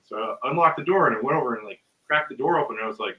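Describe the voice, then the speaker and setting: A man's voice: a little high, animated, quick pace, pushed and bright, recorded from a distance, poor audio. A man telling a long story in casual chat, rambling with ums and uhs and acting out the voices of the people in it. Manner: rambling, full of ums and uhs, acts out quotes with laughs. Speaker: guest musician.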